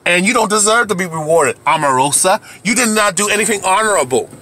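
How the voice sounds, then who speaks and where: A man's voice: high-pitched, animated, fast, sharp tone. A man delivering an angry, profane rant to camera as a video commentator, heated and repetitive, often restarting his sentences.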